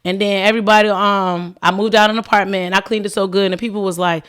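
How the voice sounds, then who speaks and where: A woman speaks as a podcast guest in an easy, chatty way. Her voice sits at a middle pitch, and she tells her story with real animation. She often slips into the voices of the people in it, and "like" runs all through her speech. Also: fast, hardly any pauses, clean tone. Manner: animated, acts out quoted dialogue, frequent "like". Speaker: podcast guest, cleaning business owner. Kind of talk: casual storytelling chat.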